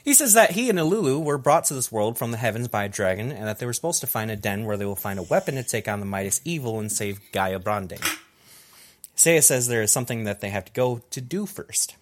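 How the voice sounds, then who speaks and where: A young man hosts a casual podcast, reading his jokey recap script and breaking off into asides. His pitch swings around animatedly from line to line. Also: big pitch swings, fast. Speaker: podcast host summarizing anime episodes. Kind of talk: casual comedic podcast chat.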